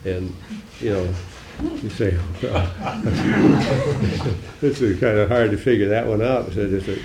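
Gravelly-voiced older man, dry wit. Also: fairly low pitch, big pitch swings, slow, echoey room, heavy background noise. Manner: dry, wry humor, musing and digressive. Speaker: senator answering audience questions. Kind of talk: political talk with audience Q&A.

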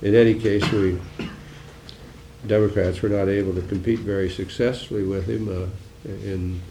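A man's voice: on the low side, steady tone, normal speed, mellow, reverberant, slight background noise. An older man, a senator, giving a musing political talk with dry, wry humor and taking audience questions.

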